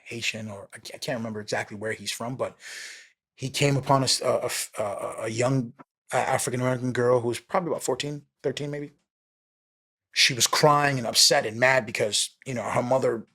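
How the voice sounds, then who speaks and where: A man, a former police officer, telling a story as a podcast guest in casual speech, animated, peppered with "right?" and "you know" and the odd swear. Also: medium pitch, husky. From New York City.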